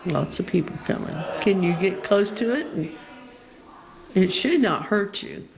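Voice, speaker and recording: A paranormal investigator gently asking spirits questions and pleading with them to light up the devices in an old seminary building. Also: medium pitch, lively intonation, measured pace, gravelly, crowd noise. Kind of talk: ghost-hunt session calling out to spirits.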